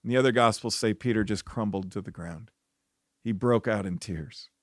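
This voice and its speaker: A man preaching a devotional sermon as a pastor, telling stories earnestly and dropping his voice softly for the reflective parts. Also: fairly low pitch, moderate pace, dry recording, studio quality. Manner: earnest storytelling, rising when animated, dropping soft for reflection.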